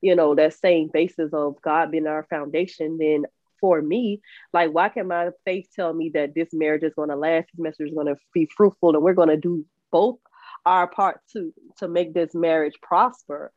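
Her low-pitched, slightly mellow voice moves at a moderate pace with fairly even intonation as she co-hosts a casual podcast conversation. She talks candidly and earnestly, laughing between points; the audio has no echo but sounds slightly dull and muffled.

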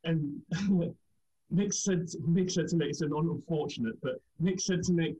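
A man's voice: on the high side, unhurried, mellow, dull audio. A man from England, telling rambling anecdotes in a casual chat and laughing through them.

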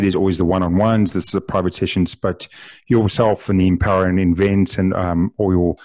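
A man's voice: deep voice, darkish tone, no echo. A man hosting a podcast interview, asking long rambling questions and giving short acknowledgments. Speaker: podcast host.

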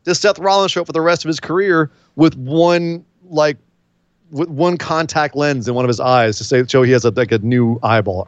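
A man co-hosting a live stream, talking in a rambling, jokey way with lots of animated asides. His voice sits in a middle register, recorded dry and close. The sound is a little dull and lo-fi. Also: mid-range voice, no room sound. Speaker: podcast co-host. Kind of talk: casual wrestling predictions chat.

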